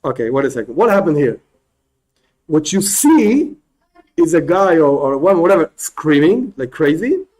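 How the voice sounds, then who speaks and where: A male rabbi teaching a spoken class, animated, often restarting phrases and acting out examples. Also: fairly high pitch, normal speed, rough recording.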